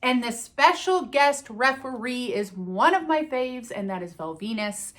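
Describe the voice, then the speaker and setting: A woman's voice: on the high side, expressive, a little slow, fairly bright tone. A woman chatting casually and enthusiastically as she reviews a wrestling event, with the odd casual swear.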